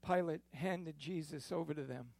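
A man narrating a dramatic scripture reading in a deliberate, expressive storytelling manner. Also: fairly high pitch, creaky, dry recording. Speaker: scripture reader.

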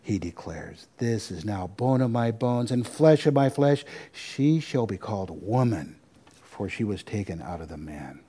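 Mellow-voiced male preacher. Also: on the low side, a little slow, husky. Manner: animated preaching with asides and repetition. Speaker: pastor. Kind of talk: sermon.

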